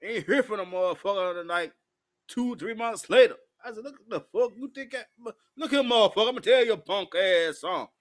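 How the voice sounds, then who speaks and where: A man's voice: high voice, a little fast, fairly bright tone. A drunk man ranting in a profane, rambling monologue, hiccuping as he talks. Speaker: vlogger.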